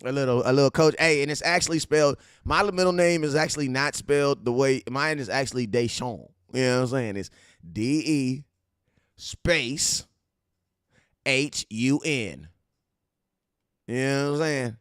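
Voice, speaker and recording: A man from California hosting a casual fan-show livestream, hyped and slangy as he shouts out his viewers. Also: medium pitch, fast, few pauses, clean tone, dry recording, studio quality. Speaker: livestream host.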